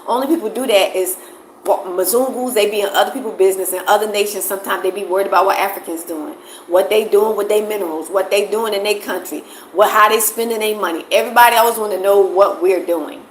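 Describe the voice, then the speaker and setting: A woman's voice: mid-range voice, fast talker, echoey room, a little hiss or hum, poor audio. A woman from the United States chatting casually on a livestream, emphatic and repeating phrases for stress, answering viewers. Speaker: vlogger answering live chat.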